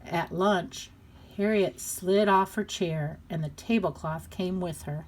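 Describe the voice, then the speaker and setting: A woman reading a children's picture book aloud with a slow, deliberate delivery and expressive pauses. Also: on the low side. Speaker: storybook reader.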